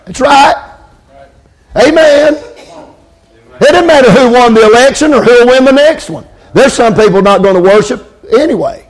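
High-voiced preacher. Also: male voice, lively intonation, unhurried. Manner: calls out amens, repeats lines for emphasis. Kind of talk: sermon.

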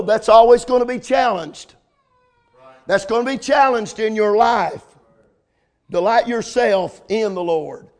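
A man preaching a sermon in a fervent way, quoting old-style scripture phrasing and building to loud, emphatic peaks. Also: very high voice.

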